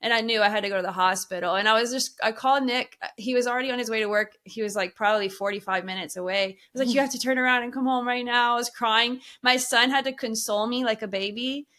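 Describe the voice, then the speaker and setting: A woman's voice: on the high side, fairly even intonation, fast, few pauses, bright, forceful tone. A woman co-hosting a podcast, chatting casually and telling a personal story with frequent laughs. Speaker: podcast co-host. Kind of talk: casual chat.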